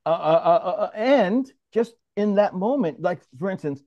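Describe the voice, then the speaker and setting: Casting: animated male moderator from New York, slightly high voice, muffled dry call audio. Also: moderate pace, dry recording. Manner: animated, restarts often, calls on others. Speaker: mediator leading a roundtable. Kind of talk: casual discussion, moderating.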